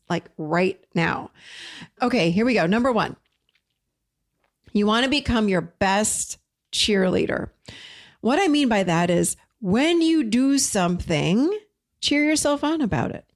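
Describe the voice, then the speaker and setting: A woman's voice: mid-range voice, expressive, a little slow. A middle-aged woman, a therapist and life coach, giving an encouraging, conversational motivational talk straight to her viewers. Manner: warm encouraging, conversational, addresses viewers as you guys.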